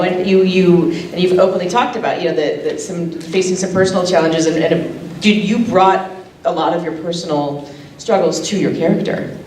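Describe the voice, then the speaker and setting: A woman moderating a fan convention panel, asking earnest, halting questions. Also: lowish voice, a little mellow, recorded from a distance, slight background noise. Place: convention hall. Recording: echoey hall, picked up from afar.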